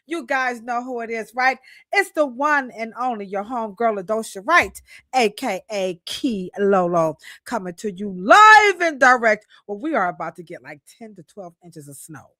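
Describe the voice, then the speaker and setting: A woman's voice: a little high, normal speed, no echo, studio quality. A woman hosting a live podcast in a casual, playful way. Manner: lively, playful, breaks into song. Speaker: podcast host. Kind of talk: casual live-stream chat.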